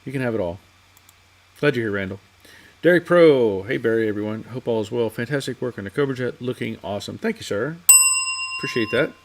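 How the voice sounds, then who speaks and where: A man's voice: medium pitch, brisk. Chatty man hosting a garage livestream. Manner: rambling, chatty storyteller with frequent restarts. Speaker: livestream host of a classic car garage show. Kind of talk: casual chat, reading out viewer comments. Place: home garage workshop.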